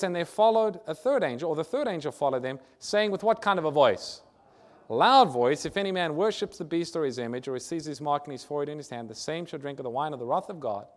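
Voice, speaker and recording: A man preaching a sermon, reading scripture aloud and putting questions to his congregation, with loud booming emphasis on key phrases.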